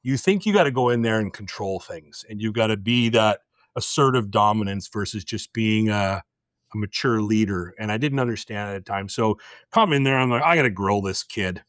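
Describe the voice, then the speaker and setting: A middle-aged man hosts a podcast, telling a story bluntly, intensely and directly while acting out the dialogue in a casual storytelling chat. His voice is lowish and he speaks at a normal speed. The recording is clean studio sound with no echo.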